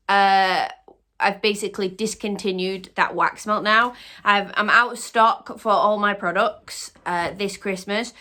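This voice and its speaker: A woman talks straight to camera on her own channel. Her voice is bright and forward, at an ordinary middle pitch. She is chatty and upbeat, often restarting her sentences as she goes. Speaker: small business owner and channel host. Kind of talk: casual chat to camera.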